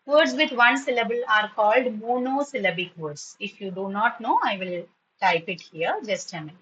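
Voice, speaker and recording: A woman teaching an online English class, patiently spelling words and repeating them slowly. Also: mid-range voice, fairly bright tone, low-quality recording.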